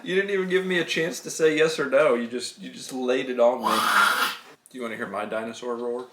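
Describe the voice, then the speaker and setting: Playful father, teasing build-video host, roomy echo, steady background noise. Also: medium pitch, brisk. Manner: jokey, upbeat, teasing. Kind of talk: playful LEGO building commentary with his son. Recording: echoey room with background noise.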